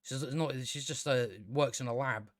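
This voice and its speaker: A man's voice: mid-range voice, steady tone, moderate pace, no room sound, studio quality. A man giving a casual spoken TV review, ranting with exasperation, stumbling over restarts and swearing.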